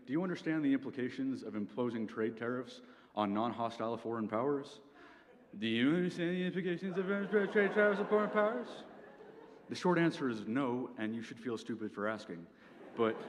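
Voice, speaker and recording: A young man performs a stand-up set like a mock lecture, dry and methodical, tossing in "okay?" between points. His mid-range voice carries a long hall reverb with a faint hum of ambience behind it. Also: medium pitch. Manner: dry, lecture-like delivery with frequent "okay?" asides. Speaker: stand-up comedian. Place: university venue with audience.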